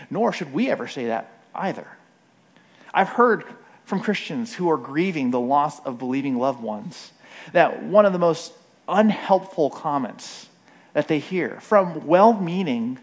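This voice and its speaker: A man giving a conversational sermon, often checking in with "right?" and briefly acting out the voices of the people he quotes. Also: medium pitch. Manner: frequent "right?" tag questions, acts out quoted voices. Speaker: preacher.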